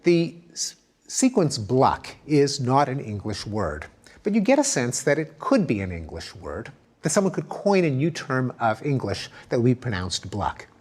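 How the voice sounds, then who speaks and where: A man giving an academic lecture, explaining with lively emphasis and spoken examples. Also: mid-range voice, normal speed.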